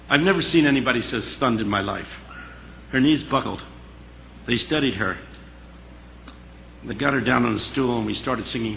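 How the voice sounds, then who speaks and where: Gravelly, forceful male storyteller. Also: medium pitch, brisk, long pauses. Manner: animated, dramatic storyteller. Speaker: speaker. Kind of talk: storytelling speech. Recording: long hall reverb, faint hiss.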